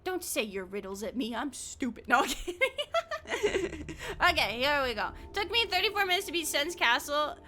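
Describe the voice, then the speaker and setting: A woman streamer with a high, bright voice that swings widely in pitch as she chats through her game. She is excitable, swears freely and laughs often, with sudden loud outbursts. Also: normal speed. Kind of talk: casual live-stream chat.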